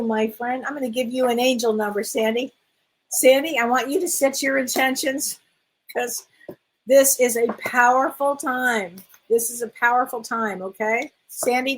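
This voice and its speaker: A woman's voice: fairly high pitch, husky, poor audio. A middle-aged woman, a spiritual medium, hosts a casual live-stream question session, reading viewers' comments aloud and calling them honey. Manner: warm, affectionate, calls viewers honey, reads out comments.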